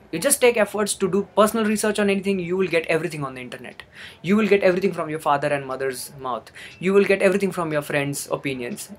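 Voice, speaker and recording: A man's voice: high-pitched, fairly bright tone. Earnest man giving motivational talk. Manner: earnest, repetitive, emphatic phrasing. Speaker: motivational speaker. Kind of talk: motivational monologue.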